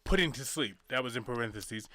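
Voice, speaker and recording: A man co-hosting a comedy podcast, telling stories quickly with plenty of profanity. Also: medium pitch, no room sound. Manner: fast, profane, animated storytelling. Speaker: podcast co-host. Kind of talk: casual comedy chat.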